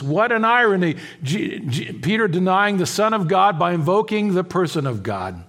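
A man preaching an expository sermon, swinging between hushed, quiet stretches and emphatic, raised passages, with halting restarts and repeated words. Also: high-pitched, sing-song. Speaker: pastor.

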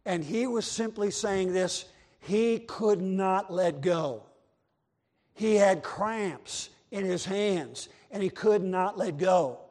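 A male preacher delivers an emphatic sermon and hammers his points home with repetition. His voice sits high and carries a long reverb, as in a church sanctuary. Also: takes it slowly, darkish tone. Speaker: Baptist preacher. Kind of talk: sermon with storytelling. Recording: long reverb of a large hall.

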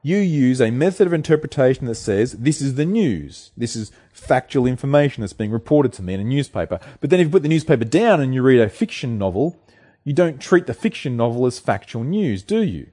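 A man's voice: mid-range voice, sing-song, a little fast, warm tone. A man preaching a sermon, explaining a passage in an earnest, teaching way with occasional fillers and restarts.

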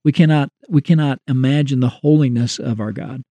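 A man's voice: mid-range voice, a little fast, mellow, no room sound. A man co-hosting a Christian talk show, explaining theology in a thoughtful, conversational way. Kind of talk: Christian radio discussion.

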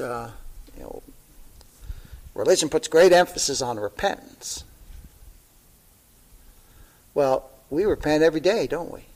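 A man's voice: medium pitch, darkish tone, rough recording. A male pastor preaching a sermon, conversational with tag questions, building to fervent exclamations and chuckling now and then.

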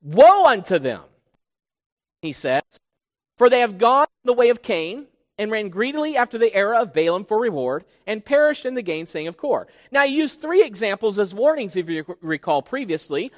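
Preaching an expository sermon a little fast, this male pastor uses a high, animated voice whose pitch leaps to underline each point. He questions his audience in an emphatic, teaching manner, and long reverb makes it sound like a big sanctuary.

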